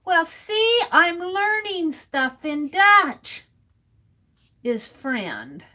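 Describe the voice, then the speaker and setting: A woman's voice: extremely high pitch, very animated, extremely slow, sharp tone. A woman chatting casually with viewers on a live art stream while she cuts a stencil, greeting people by name and sounding out words playfully.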